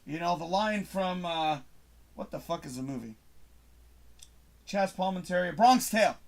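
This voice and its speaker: A man's voice: sits high, very animated, moderate pace, long pauses. A man hosting his own show, ranting to camera in a frustrated, swearing monologue with emphatic bursts. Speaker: host. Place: home studio.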